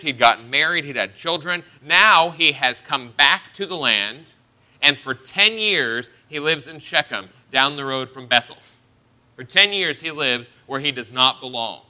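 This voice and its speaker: A man's voice: mid-range voice, pushed and bright. A man preaching a sermon, teaching through a Bible passage verse by verse with earnest emphasis.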